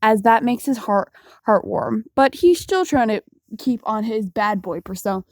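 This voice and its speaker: A woman's voice: a little high, animated, normal speed, a little mellow, no room sound. A woman narrating an unscripted self-insert story in a casual, rambling way, with fillers and restarts.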